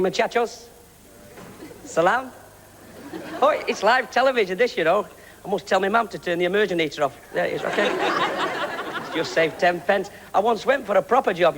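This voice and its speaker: A man from Manchester, telling cheeky gags in a chatty stand-up routine. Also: high voice. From Manchester, England. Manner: cheeky, chatty gag delivery. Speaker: stand-up comedian. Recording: reverberant TV studio with clear hiss.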